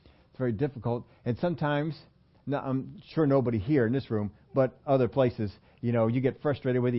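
A man's voice: medium pitch, fairly quick. Man preaching a casual sermon, lo-fi. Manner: conversational, asks the room questions. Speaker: pastor. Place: church room.

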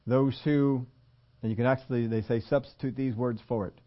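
A male pastor delivers a sermon in an easygoing, conversational style. He acts out the voices of the people in his stories. His voice sits at a middle pitch, and the recording sounds a little dull and lo-fi. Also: fairly even intonation, a little fast.

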